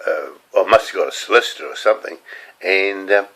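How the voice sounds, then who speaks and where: A man's voice: sits low, fairly quick, a bit bright, slightly rough, low-quality recording. An older man with a New Zealand accent, rambling through casual stories to the camera in a chatty, digressive way. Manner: chatty, digressive, laughing at his own stories. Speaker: home video host.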